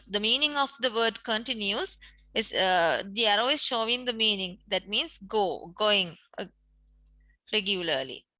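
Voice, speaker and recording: A woman's voice: mid-range voice, bright, forceful tone, no room sound. A woman English teacher with a Sri Lankan accent, reading a story to children in an online lesson and explaining each word with a Sinhala translation. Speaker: primary school English teacher.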